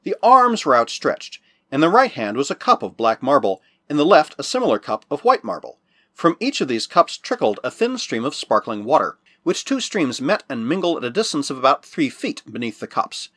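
A man narrating an old adventure novel with a husky, slightly breathy voice. His pitch moves a lot, rising and falling through each sentence. The recording is dry and close. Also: dry recording. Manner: measured storytelling with lively rises and falls. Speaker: audiobook narrator.

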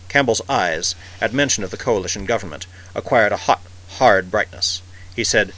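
A man narrating a science fiction story in a measured, vivid way. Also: on the low side, expressive, a bit bright, low-quality recording. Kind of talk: scripted audiobook narration.

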